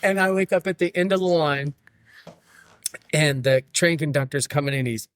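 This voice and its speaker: A man, a podcast guest, tells a lively story in casual chat, laughing and acting out what others said. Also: fairly high pitch, moderate pace, clean tone, no echo, clean studio sound. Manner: animated, laughing, acts out quotes. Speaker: podcast guest, brewery owner.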